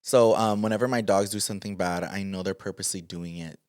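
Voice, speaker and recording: A man's voice: low-pitched, steady tone, quick pace, no echo, clean studio sound. A man co-hosting a podcast in casual chat, rambling and searching for his words in a playful way. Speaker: podcast co-host.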